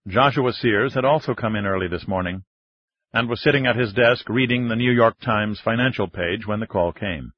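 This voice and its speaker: A man narrating an audiobook in a measured, even reading, recorded close in a studio. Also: on the low side, no room sound. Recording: dull, dry studio reading.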